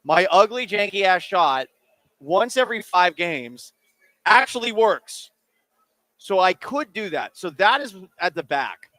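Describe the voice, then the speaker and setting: Man, 30s, sports talk host: animated, jokey, slightly high voice, dry close mic. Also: slow, no room sound. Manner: animated, jokey, talks while eating. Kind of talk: casual call-in radio talk. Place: radio studio. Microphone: studio microphone.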